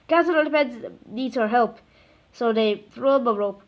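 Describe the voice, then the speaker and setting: A woman reading a children's book aloud, halting often with stumbles and self-corrections. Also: on the high side. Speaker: reader.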